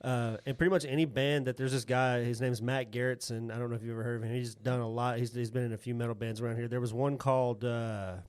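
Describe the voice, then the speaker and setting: A man's voice: medium pitch, steady tone, fast, few pauses, darkish tone, smooth. A man in his late thirties co-hosting a podcast, chatting in a laid-back, rambling way with lots of fillers. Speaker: podcast co-host. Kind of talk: casual podcast chat.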